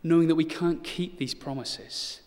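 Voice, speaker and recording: A man's voice: a little high, unhurried, darkish tone. A man in his thirties preaching a sermon, earnest and building to urgent emphasis, with touches of self-deprecating humor. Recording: long hall reverb.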